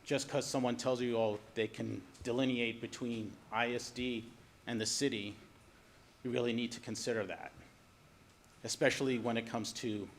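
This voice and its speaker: A man, giving firm, advising public comment at a city council meeting, with faint room noise. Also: medium pitch. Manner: firm, advising, then softly caring. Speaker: resident speaking at public comment.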